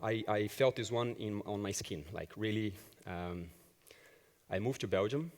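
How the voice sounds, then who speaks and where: An agile coach gives a conference talk in a fairly low voice at a slightly slow pace, bringing personal anecdotes to life by performing the dialogue. The big room of the conference hall stage is audible.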